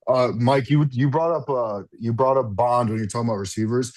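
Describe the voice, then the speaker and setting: A man's voice: mid-range voice, fairly quick, darkish tone, no echo. A man co-hosting a casual sports chat over a remote video call, rambling with lots of fillers, restarts and some swearing. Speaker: podcast co-host and football fan.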